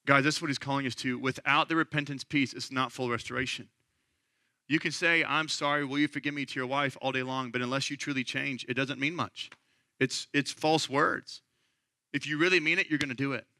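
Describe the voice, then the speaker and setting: Bright-voiced man preaching earnestly. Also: medium pitch, steady tone, brisk, no echo, studio quality. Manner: earnest, conversational preaching that rises to impassioned. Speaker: pastor. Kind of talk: sermon.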